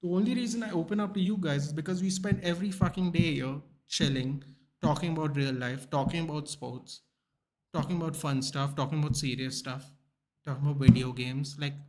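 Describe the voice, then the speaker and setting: A young man from India chats casually with live-stream viewers, blunt and animated, swearing often and calling people dude. His voice is fairly high and a little fast, with a little hiss or hum in the audio.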